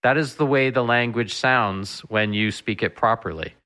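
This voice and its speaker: A veterinarian chats as a radio guest, his voice bright and forward. He speaks earnestly but hesitantly, restarting and repeating words as he works through ideas. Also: mid-range voice, moderate pace. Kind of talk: casual radio chat.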